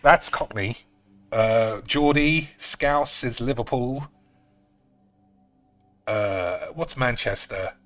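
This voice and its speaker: A man's voice: mid-range voice, very slow, long pauses, a bit bright. A man chatting casually and swearing freely while streaming a card game. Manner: rambling, sweary, offhand. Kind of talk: casual live-stream chat while gaming.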